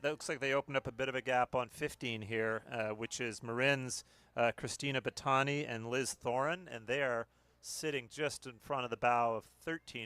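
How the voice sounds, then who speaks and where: A man from Canada with a Canadian accent, a commentator giving live rowing race commentary in a relaxed way, often repeating words as he follows the boats. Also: medium pitch, no room sound.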